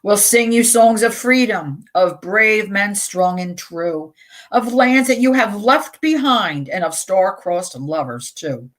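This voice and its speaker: A middle-aged woman hosting a community radio show, reading poems aloud slowly and deliberately, with casual chatty asides between them. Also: medium pitch, animated.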